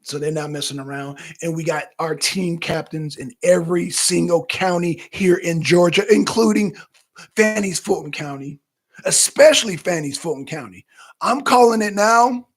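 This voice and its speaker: A man co-hosting a political talk show, talking casually and profanely straight to his viewers. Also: high-pitched. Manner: animated, profane, chatting directly to viewers. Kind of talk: casual livestream commentary.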